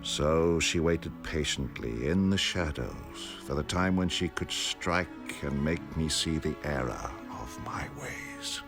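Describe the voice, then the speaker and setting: An ancient wizard tells his tale in a very deep, deliberate voice, slow and full of rise and fall. He speaks in measured film narration, with music playing beneath. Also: huge pitch swings, gravelly, exaggerated voice. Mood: solemn. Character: older male wizard recalling his life.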